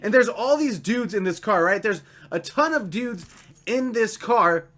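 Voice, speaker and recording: A young man casually telling a story, chatty and animated, filling his talk with "like" and "right?". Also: high voice, a little slow.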